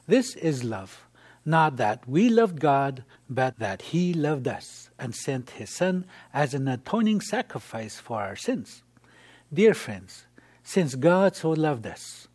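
An earnest man hosts a Christian broadcast, thanking his guests and inviting listeners to reach out. His voice sits a bit high for a man. He slows down when he quotes scripture. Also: very animated, a little mellow. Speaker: host.

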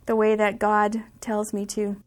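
A woman's voice: medium pitch, monotone, unhurried. Sincere woman sharing her faith. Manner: reflective, sincere, with fillers. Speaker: guest. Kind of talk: personal testimony.

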